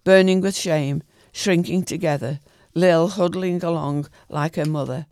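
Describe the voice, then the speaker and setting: A man reading a short story aloud in a calm, even way, with the odd small slip. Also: on the high side, measured pace, no room sound, studio quality.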